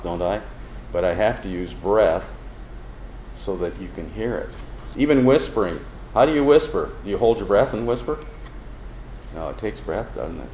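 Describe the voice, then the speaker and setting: A man's voice: fairly low pitch, darkish tone. A man preaching a sermon, explaining a Bible verse word by word and asking the congregation questions as he goes. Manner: slow, deliberate, explains word by word and asks the audience questions. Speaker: pastor. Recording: roomy hall with faint background noise.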